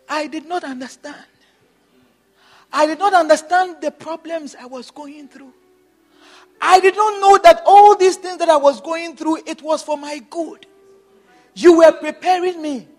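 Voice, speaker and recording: A preacher with a strikingly high voice for a man delivers his sermon at an unhurried, deliberate pace. He leans on repetition and exhortation, circling back to the same phrases again and again. Faint music plays underneath. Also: a little mellow.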